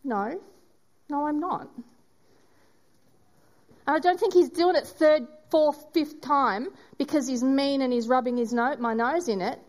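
A woman giving a sermon, telling a story and acting out its voices with dramatic pauses. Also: high voice, a little mellow. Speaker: preacher.

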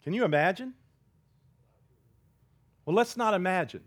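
Pastor, male, high voice, dramatic storytelling sermon with hushed asides. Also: lively intonation, unhurried, breathy edge. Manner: dramatic storytelling, drops to a hush for quoted words; leads the congregation in call-and-response.

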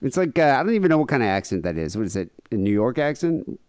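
A man's voice: medium pitch, very animated, very fast, darkish tone, dry recording, clean studio sound. A man co-hosting a podcast in casual comedic chat, rambling with lots of fillers and jokey asides. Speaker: podcast co-host.

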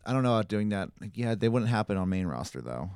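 A man co-hosting a casual podcast chat, easygoing and relaxed, with lots of fillers. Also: lowish voice, fast, smooth, no echo, studio quality. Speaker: podcast co-host.

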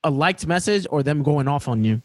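A man's voice: on the high side, animated, brisk, dry recording. A man on a video call, chatting casually on a podcast, teasing and joking often. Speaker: guest podcaster.

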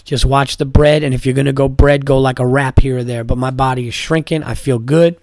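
Male podcast host, casual, profane, rambling storyteller; mid pitch, dry close mic. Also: steady tone, a little fast, darkish tone, no echo. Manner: chatty storyteller, swears freely, repeats words in restarts. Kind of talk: casual solo podcast chat.

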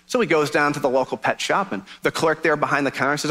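A man preaching a sermon as pastor, telling a joke in an animated storytelling manner. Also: fairly high pitch, fast talker, hardly any pauses.

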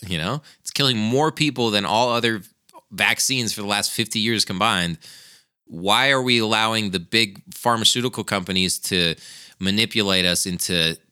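A man's voice: on the low side, pushed and bright. A young man giving a heated, profane casual commentary, peppered with "man" and "dude.".

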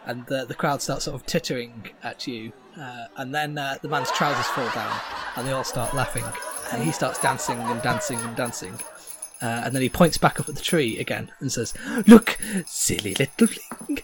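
A man running a tabletop game as game master, narrating with many filler pauses. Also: medium pitch, steady tone, very noisy.

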